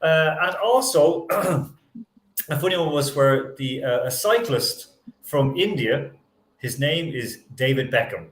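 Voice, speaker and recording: A man's voice: a little high, animated, slow, roomy sound. A man hosting a radio sports show, running a casual quiz with lots of laughs and fillers. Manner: jokey, laughs often, many fillers. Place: radio studio.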